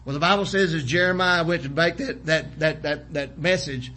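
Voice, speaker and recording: A man's voice: a little high, moderate pace, few pauses, sharp tone, poor audio. A man preaching a sermon to his church, reading scripture and crying out with rising passion. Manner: impassioned preaching with rising cries. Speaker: pastor.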